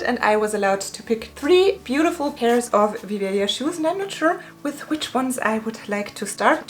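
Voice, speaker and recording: A woman's voice: fairly high pitch, fairly bright tone. A woman in her thirties, a German native speaker, chatting through a shopping recap and a little out of breath. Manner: chatty and personal. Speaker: fashion vlogger.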